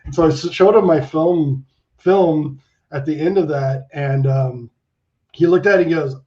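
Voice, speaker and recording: Animated middle-aged man, lo-fi sound. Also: a little high, unhurried. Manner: animated, swears, acts out quoted people. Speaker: guest, animator and director. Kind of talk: casual interview storytelling. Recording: dull lo-fi sound.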